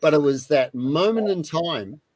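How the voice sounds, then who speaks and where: An Australian man in his sixties telling a story in casual chat, lively and repeating his words as he goes. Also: a little high, measured pace, no room sound, poor audio. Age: 60s. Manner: animated anecdote teller, repeats words.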